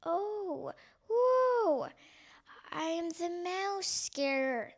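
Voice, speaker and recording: A woman voicing a small, kindly night bird in a storybook that scares mice, with a high, hooting voice. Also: very animated, extremely slow, heavily acted.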